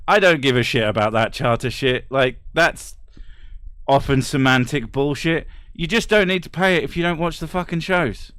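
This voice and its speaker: A man streaming casually, reading chat aloud and ranting bluntly with plenty of swearing and quick laughs. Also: medium pitch, a bit bright, clear, resonant tone, dry recording.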